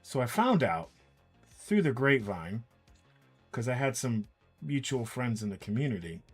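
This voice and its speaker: A man in a relaxed stream chat tells a long story and quotes each person's lines as he goes. His voice sits at a middle pitch, and faint music plays behind him. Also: moderate pace, husky. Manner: animated anecdote, quoting others in dialogue. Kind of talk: casual storytelling while painting miniatures.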